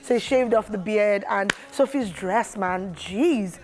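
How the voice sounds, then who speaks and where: A woman's voice: mid-range voice, unhurried, noisy background. A woman co-hosting an entertainment show, chatty and teasing, laughing often. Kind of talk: casual studio chat. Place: TV studio.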